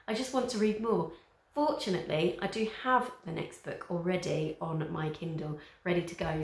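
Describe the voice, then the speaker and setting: A woman's voice: on the low side, echoey room. Woman chatting after reading a book aloud. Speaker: teacher reading to a class.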